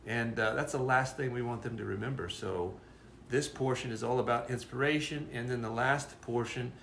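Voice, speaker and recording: In an echoey room with a little hiss or hum, a man with a mid-range voice, vocal fry and a touch of brightness co-hosts a parenting talk at normal speed. Presenting the course, he's earnest and casual, frequently repeating words mid-thought.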